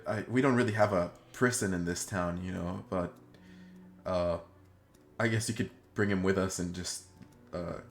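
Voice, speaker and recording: A man doing a flustered middle-aged church leader. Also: low-pitched. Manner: hesitant, stammering courtesy. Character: flustered polite male church leader in his fifties.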